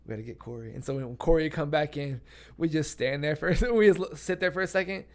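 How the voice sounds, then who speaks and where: A man's voice: fairly high pitch, quick pace, darkish tone. A young man co-hosting a podcast, telling a story in casual chat with lots of laughter and swearing. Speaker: podcast co-host.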